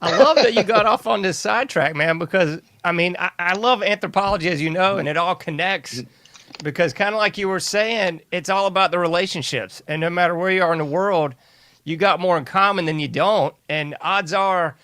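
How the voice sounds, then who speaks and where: A man's voice: high-pitched, fairly quick, sharp tone. A male podcast host chatting loosely and eagerly with his guest. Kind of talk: casual interview chat.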